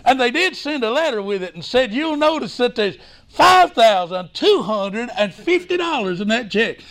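A man preaching a revival sermon as a missionary, fervent and exclaiming glory and hallelujah, breaking in with "hey, listen" and sudden shouts. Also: very high voice, sing-song, moderate pace.

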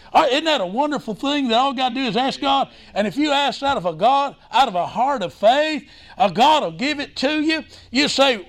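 A missionary man delivers a revival sermon in a very high, creaky voice. He is fervent, exclaiming glory and hallelujah, and interrupts himself with "hey, listen" and abrupt shouts.

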